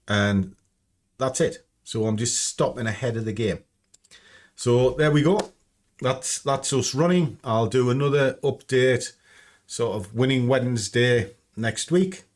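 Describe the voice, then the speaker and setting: A man's voice: mid-range voice, measured pace. Chatty blunt man at home. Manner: chatty, blunt, swears freely. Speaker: trading channel host. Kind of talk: casual screen-share walkthrough.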